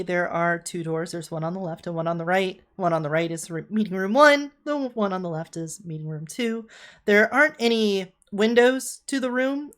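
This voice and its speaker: Casting: woman, slightly low voice, easygoing tabletop game master. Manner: relaxed, descriptive, with laughs and fillers.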